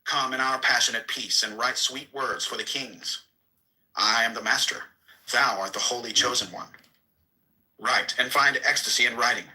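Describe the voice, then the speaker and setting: Male reader, mid-range pitch, sharp bright tone; solemn declamatory scripture reading, deliberate pacing with quick surges. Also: poor audio. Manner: solemn, declamatory, slow and measured with sudden bursts. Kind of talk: dramatic reading of an archaic scripture.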